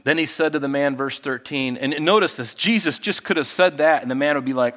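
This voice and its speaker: A man preaching with a slightly higher-than-usual voice. He drops to soft, confiding asides, then lifts into raised, emphatic lines. His delivery is expressive, shaped for a congregation. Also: fairly quick, hardly any pauses. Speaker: pastor. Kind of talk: sermon.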